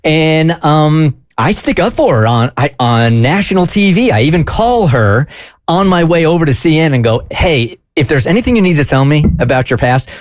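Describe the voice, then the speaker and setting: A man hosting a radio talk show, telling a story in an animated, casual way. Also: medium pitch, dry recording, clean studio sound. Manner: animated storyteller, lively delivery.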